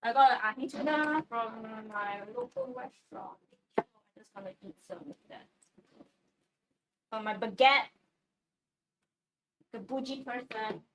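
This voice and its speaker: Woman, kitchen livestream, casual rambling chat, cursing, higher pitch, distant mic. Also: animated, a little slow, long pauses, fairly bright tone. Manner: chatty, rambling, swears casually. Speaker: streamer. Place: home kitchen. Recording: distant mic with faint background noise.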